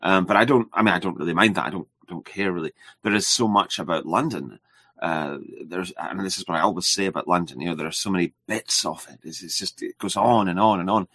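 Deep husky-voiced man hosting a chat. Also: quick pace, no room sound, studio quality. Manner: relaxed, rambling, hesitant. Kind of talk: casual conversation.

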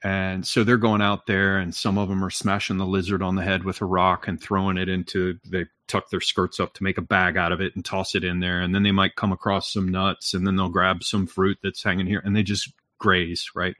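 A lowish male voice in casual chat, blunt and profane, building his point with a steady string of "right?"s. The recording is dry and close, with no room sound. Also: a little fast, hardly any pauses, no room sound. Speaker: podcast talker.

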